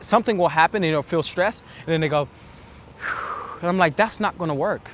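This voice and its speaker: Speaking fast in a slightly high, fairly bright voice, a man gives dating advice as a coach, with a little hiss or hum audible. The monologue is instructional, earnest and reflective, and he acts out the self-talk he describes.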